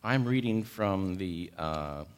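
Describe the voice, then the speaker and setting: A man's voice: sits low, expressive, slow, clean tone. A man in his sixties with a cold, preaching a sermon, emphatic and repeating key words as he questions the congregation. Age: 60s. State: has a cold.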